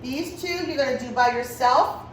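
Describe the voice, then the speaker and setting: A woman kindergarten teacher giving a virtual lesson, talking slowly and clearly in a sing-song way to small children. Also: sits high, very echoey, far from the mic, a little hiss or hum, poor audio.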